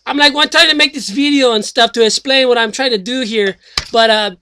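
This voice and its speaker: Playing a slacker who has decided to run for president, a man talks quite quickly in a very high-pitched, pushed, bright, yet smooth voice with no room sound. He rambles, swears, stuffs his comedic monologue with fillers, and keeps losing his thread.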